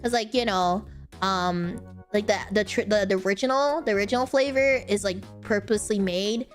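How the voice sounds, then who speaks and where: A young woman streamer answering viewer questions in a casual, rambling chat, often breaking into high giggles. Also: moderate pace, soft background music. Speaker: virtual streamer.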